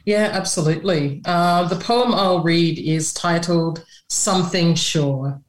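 A woman's voice: lowish voice, a little slow. Rhythmic woman poet in an echoey room. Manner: rhythmic, spoken-word delivery. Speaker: poet and author, guest. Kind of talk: poetry reading.

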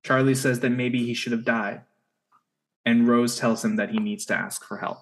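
A man in casual podcast chat, running through plot recaps at a brisk clip. He tosses in dry, wry comments between summary lines. His voice sits in an ordinary middle range for a man. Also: medium pitch, fairly even intonation. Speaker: podcast co-host recapping episodes.

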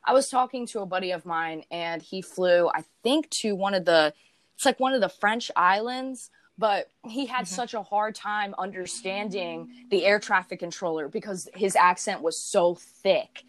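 A woman's voice: medium pitch, moderate pace. A young woman with a slight Southern accent, hosting a podcast in a rambling, casual way full of fillers. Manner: friendly, rambling, lots of fillers. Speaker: podcast host. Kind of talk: casual interview chat.

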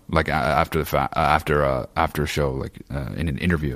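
A man's voice: extremely low pitch, steady tone, a little fast, few pauses. A man talking to listeners in a casual monologue, profane and opinionated, rambling through fillers and restarts.

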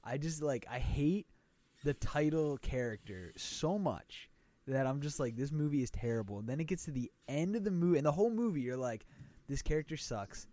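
A man's voice: fairly high pitch, moderate pace, dry recording. A man co-hosting a podcast, telling stories in casual chat with exaggerated delivery and frequent laughter. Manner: animated, laughs often, exaggerated storytelling. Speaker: podcast co-host.

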